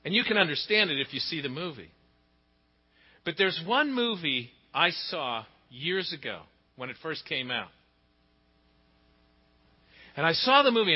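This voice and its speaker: A middle-aged man preaching a sermon, telling stories with big swings in pitch and loudness. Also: slightly rough. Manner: expressive storytelling, pitch and volume swing widely. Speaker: pastor. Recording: dull sound with long hall reverb.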